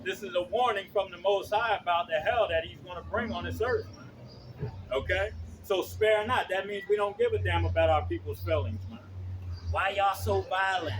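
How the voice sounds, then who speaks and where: Loud blunt high-voiced street preacher man. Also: moderate pace, slight background noise. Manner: loud, blunt, profane, keeps asking "okay?".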